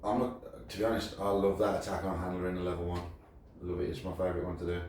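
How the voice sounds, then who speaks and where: A man's voice: deep voice, level tone, fast, a little mellow. A man working as a decoy, talking casually and matter-of-factly. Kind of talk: casual chat. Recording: roomy echo, distant mic, faint noise.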